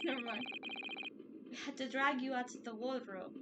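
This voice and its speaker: A woman streamer giving casual gaming commentary, chatty and quick to react to what happens on screen. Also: high-pitched. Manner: chatty, excitable reactions to the game. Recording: loud background noise.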